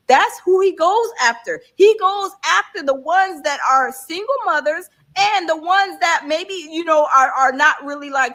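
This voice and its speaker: A woman co-hosting a casual reaction show, animated and speaking straight to the audience. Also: high-pitched. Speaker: co-host.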